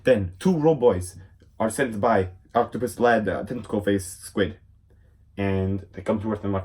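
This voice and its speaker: A man's voice: on the low side, moderate pace. Goofy rambling young man recapping. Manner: rambling, goofy, deadpan asides and sudden shouts. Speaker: comedic recapper. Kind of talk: silly comedic episode summary with quick voice impressions.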